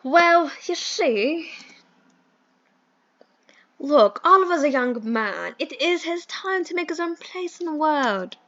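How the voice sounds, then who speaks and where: A woman voicing a fussy, flowery old-fashioned gentleman in a dating sim, with a put-on British accent and a pompous, theatrical manner. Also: sits high, lively intonation, slow pace, pauses often, lo-fi sound, full character voice.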